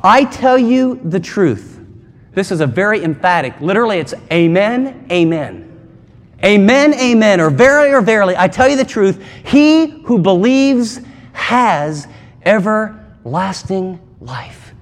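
A man's voice: sits high, sing-song, measured pace. A man preaching a sermon as pastor, emphatic and conversational, with dramatic asides. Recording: long hall reverb.

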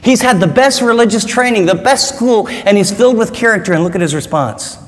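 A man's voice: sits high, a little fast, hardly any pauses. A male pastor preaching a sermon in an emphatic, conversational way, often posing rhetorical questions, recorded with the long reverb of a large hall.

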